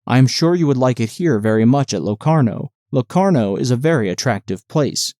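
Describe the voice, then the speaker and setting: A man's voice: mid-range voice, expressive, fairly quick, warm tone, dry recording, clean studio sound, lightly acted. A man voicing a pompous, argumentative male official who insists on every detail. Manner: insistent, pedantic.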